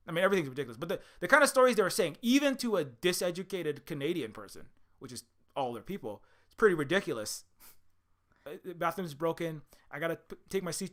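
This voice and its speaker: Fast, rambling, higher-pitched man. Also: fairly bright tone. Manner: fast, rambling, full of restarts and fillers. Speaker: indie game developer and channel host. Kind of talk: rambling political commentary.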